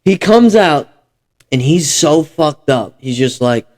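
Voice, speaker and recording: A man's voice: a little high, lively intonation, slow pace, a little mellow. A young man in his twenties hosting a podcast, telling profane, rambling anecdotes in casual chat. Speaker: podcast host.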